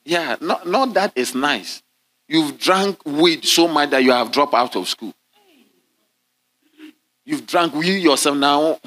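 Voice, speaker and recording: A man preaching a sermon as a bishop, calling out to his congregation and sometimes dropping into low murmurs. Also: slow pace, long pauses, fairly bright tone. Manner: call-and-response preaching, drops to low murmurs at times. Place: large church hall.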